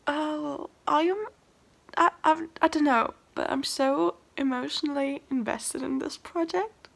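A woman's voice: sits high, a little slow, gravelly, fairly bright tone. A young woman vlogging about her first song, tearful and laughing, overwhelmed with emotion. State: crying. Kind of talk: emotional personal vlog.

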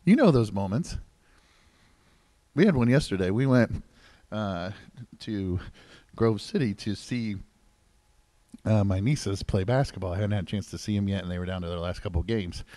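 A man preaching as pastor in a church service, conversational and joking, with asides to the congregation and wide swings between loud emphasis and low asides. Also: moderate pace, pauses often, no room sound. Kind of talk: sermon. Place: church sanctuary.

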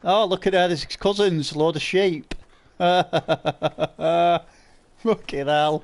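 A man's voice: on the high side, steady tone, takes it slowly. A man commentating a live farming game stream, teasing viewers with crude, laughing banter. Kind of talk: live gameplay commentary, reading chat.

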